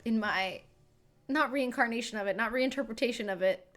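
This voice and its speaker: A woman's voice: on the high side, fairly quick, fairly bright tone, soft background music. A woman streaming, chatting casually and telling a rambling story with lots of self-corrections. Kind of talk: casual livestream chat.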